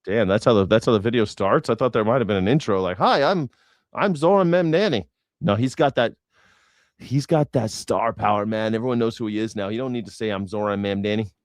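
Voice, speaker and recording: A man's voice: lowish voice, quick pace, hardly any pauses, dry recording. Male streamer host, forties, sarcastic rambler, dry close sound. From Los Angeles. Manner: rambling, sarcastic, jokey asides. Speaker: host of a news reaction stream. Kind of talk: casual livestream commentary.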